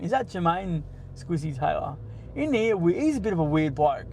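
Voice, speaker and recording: Aussie bloke nearly 50, high-ish voice, swearing and ribbing his chat from the car, bit of traffic noise. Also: animated, normal speed, vocal fry, mellow, rough recording. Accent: Australian. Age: 40s. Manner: blunt, sweary, banters with chat. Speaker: livestream host. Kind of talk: casual live-stream chat while driving.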